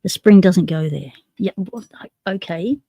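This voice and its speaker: On a casual live stream, the host talks as she works with her hands, narrating her tinkering and reading comments out loud. Her voice is on the low side and a little slow, with no room sound and the highs cut off.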